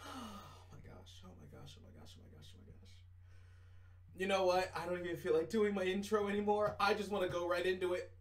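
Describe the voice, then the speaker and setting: Excitable male streamer, wildly animated. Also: high voice, a little fast. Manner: excitable, swings between whispers and shouts. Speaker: gaming streamer. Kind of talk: let's play commentary. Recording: roomy room, distant mic, game music.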